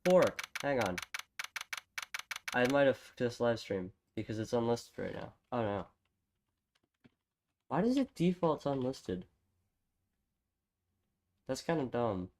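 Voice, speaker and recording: A man's voice: medium pitch, sing-song, slow, long pauses. A man streaming a game, chatting casually and muttering asides between reading lines. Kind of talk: casual game playthrough with voice acting. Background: game music.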